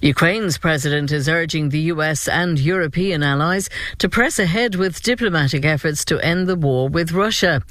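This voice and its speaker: A man reading a scripted radio news bulletin in a brisk, clear delivery. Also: fairly high pitch, fairly bright tone, no room sound, studio quality. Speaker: newsreader.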